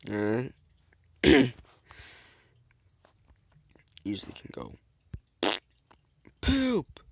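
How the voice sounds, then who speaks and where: A man's voice: mid-range voice, expressive, a little slow, a bit bright, no echo. A man giving casual, goofy, rambling commentary while playing a game, joking about himself and making silly sound effects. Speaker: gameplay video host. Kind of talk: casual let's-play commentary.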